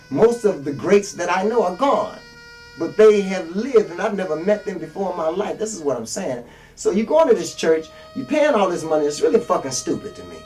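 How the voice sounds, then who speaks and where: A man's voice: high-pitched, darkish tone. A man preaching a blunt, profane street sermon as a self-styled minister, older and talking from long experience. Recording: distant mic with faint music.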